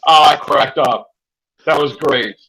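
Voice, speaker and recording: A young man hosting a casual fan chat, animated and exclaiming, acting out his own reactions. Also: on the high side, measured pace, low-quality recording. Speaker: podcast host.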